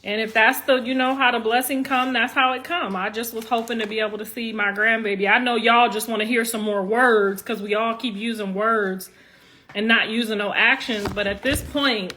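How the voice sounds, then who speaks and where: A middle-aged woman and grandmother talks casually to her viewers, halting and rambling with many "you know" restarts, earnest and apologetic but defensive. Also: fairly high pitch, little pitch movement, pushed and bright. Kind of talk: casual talk to camera.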